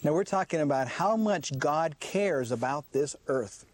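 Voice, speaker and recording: Male preacher, emphatic sermon delivery with rhetorical questions, fairly high voice that swings widely, close dry sound. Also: expressive, a little slow, no room sound. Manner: emphatic, repeats "listen" to drive points home; asks rhetorical questions and answers them.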